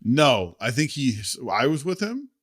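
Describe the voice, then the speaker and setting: A man's voice: mid-range voice, sing-song, measured pace, no room sound, studio quality. A man co-hosting a podcast in casual chat, telling rambling stories with swearing and easy laughs. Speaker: podcast co-host.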